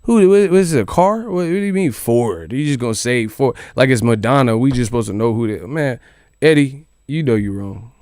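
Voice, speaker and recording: A man's voice: medium pitch, expressive, brisk, mellow, no room sound, clean studio sound. A man hosting a boxing news channel in casual commentary, joking and incredulous, with plenty of swearing. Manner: incredulous, joking, profane rant.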